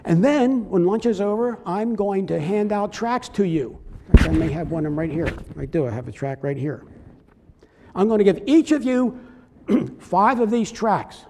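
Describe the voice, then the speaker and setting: High-voiced preacher in a reverberant church. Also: male voice, expressive, moderate pace, vocal fry, noisy background. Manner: conversational preaching with acted-out voices of objectors. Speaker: pastor. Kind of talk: sermon. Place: church sanctuary. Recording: long hall reverb.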